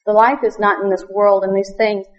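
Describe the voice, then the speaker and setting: A woman's voice: mid-range voice, level tone, a little fast. A woman giving an earnest church testimony as a missionary, laughing often and quoting scripture in old-fashioned wording. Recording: dull lo-fi recording.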